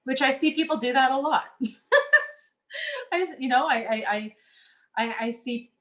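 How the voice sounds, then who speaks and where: A woman's voice: high voice, big pitch swings, measured pace, bright, forceful tone. A woman coach giving a casual, earnest teaching talk to her audience, speaking conversationally with many fillers and restarts.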